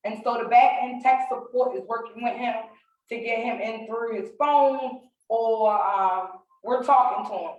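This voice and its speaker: A woman's voice: a little high, a little slow, highs cut off. A woman moderating an online meeting, polite as she explains technical trouble. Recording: very echoey, distant, faint noise.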